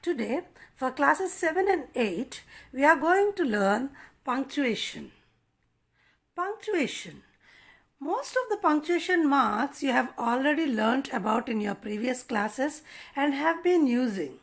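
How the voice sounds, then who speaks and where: Slow, high-voiced teacher. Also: female voice, lively intonation. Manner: slow, deliberate explaining to children. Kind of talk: online class lesson.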